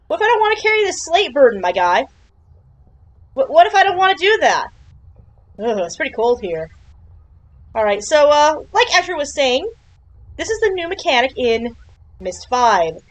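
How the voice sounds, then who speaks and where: A woman's voice: sits high, sing-song, normal speed, long pauses, rough recording. A woman giving chatty, playful commentary while playing a video game, joking and exclaiming at surprises. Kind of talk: casual game playthrough commentary.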